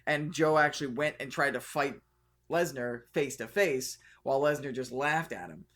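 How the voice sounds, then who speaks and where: Animated man talking wrestling. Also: mid-range voice. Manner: fast, animated, acts out quotes. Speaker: podcast co-host. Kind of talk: casual wrestling chat.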